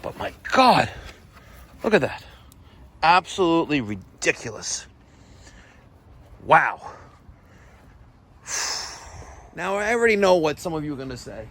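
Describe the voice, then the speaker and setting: Brief: New contractor, excited on-site vlog, slightly high voice. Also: male voice, slow, pauses often. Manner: excitable, exclaiming and laughing. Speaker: plumbing and HVAC contractor. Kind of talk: on-the-job vlog. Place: outdoors at a house.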